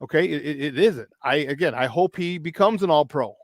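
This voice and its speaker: Male sports radio co-host, high voice, dry studio, lively storyteller. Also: no room sound. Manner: animated storyteller, asks rapid questions. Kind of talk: casual sports talk.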